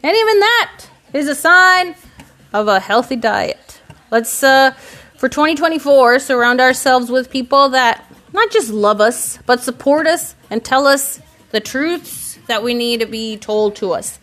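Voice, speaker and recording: A woman's voice: sits high, animated, unhurried, a bit bright. A woman talking to camera in a casual, rambling vlog monologue, candid and profane, reflecting on herself. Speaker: vlogger. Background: faint music.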